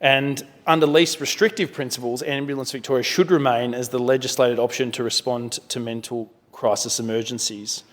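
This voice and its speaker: Australian male politician, mid-pitched, addresses the chamber with a long room echo, measured and full of fillers. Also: fairly even intonation. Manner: measured, many fillers and self-corrections. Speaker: member of parliament. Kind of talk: parliamentary speech. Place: parliament chamber.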